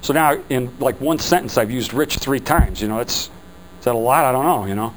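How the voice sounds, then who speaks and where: A man leading a sales training seminar for a group, lively and acting out customer quotes. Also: medium pitch, fairly quick, a little hiss or hum, rough recording. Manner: animated, acts out customer quotes.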